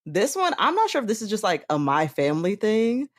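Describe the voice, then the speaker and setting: Expressive woman podcast host. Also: medium pitch, a little fast. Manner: laughs often, expressive and playful. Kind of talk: casual podcast chat.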